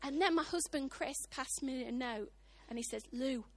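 A middle-aged British woman preaching a sermon, animated, acting out the voices of God and the people in her stories. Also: sits high, moderate pace, background noise. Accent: British English.

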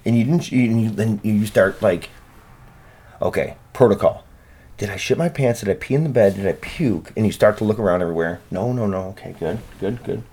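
Man, husky voice, low pitch, profane rambling podcast host. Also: a little fast, darkish tone. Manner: profane, rambling, self-deprecating. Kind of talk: casual solo podcast rant.

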